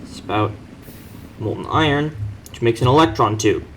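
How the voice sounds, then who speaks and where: A man's voice: mid-range voice, lively intonation, measured pace, noisy background. A young man casually walking through his game base, rambling, correcting himself and making dry offhand jokes. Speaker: player giving a base tour. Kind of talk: casual game walkthrough commentary.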